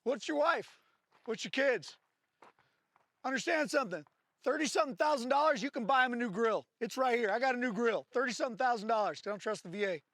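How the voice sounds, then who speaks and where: A man's voice: very high voice, lively intonation, quick pace, a bit bright, no room sound, clean studio sound. A man working as a firearms instructor, explaining drills to his class with jokes and then barking short range commands. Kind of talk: live training-class instruction.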